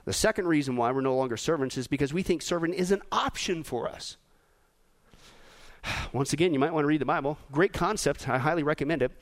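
A man preaching a sermon as pastor, animated, acting out rude voices and dropping to quiet emphasis. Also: a little high, a little fast.

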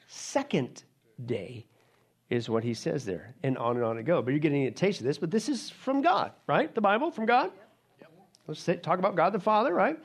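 Male pastor, somewhat high-pitched, emphatic sermon delivery, lots of "right?" and "folks.". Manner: emphatic, rhetorical questions, addresses the crowd as folks.

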